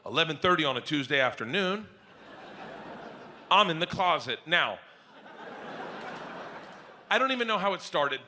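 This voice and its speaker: A man doing a stand-up comedy set, telling a story loudly and acting out the other people in it with shouted voices. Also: on the high side, moderate pace, pauses often, slight background noise. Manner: loud, animated storytelling that jumps into shouted voices. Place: comedy club stage before an audience.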